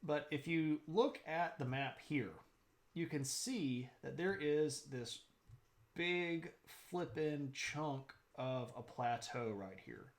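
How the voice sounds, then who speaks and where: A man's voice: on the high side, animated, slow pace. A man streaming a casual history lecture, chatty, greeting viewers and laughing often.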